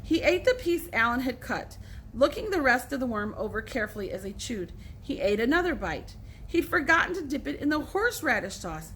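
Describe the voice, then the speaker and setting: Teacher lady reading a chapter book to kids, bright voice, a bit high. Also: very animated, a little fast, a little hiss or hum. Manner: clear storyteller pacing with asides to listeners. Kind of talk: reading a novel aloud to children.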